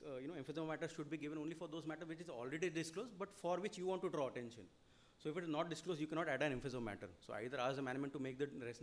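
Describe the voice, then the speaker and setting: A man with an Indian English accent giving a seminar lecture, explaining at length and checking in with "okay?". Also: fairly high pitch. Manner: rapid, explanatory, frequent "you know" and "okay?". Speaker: lecturer on audit reporting.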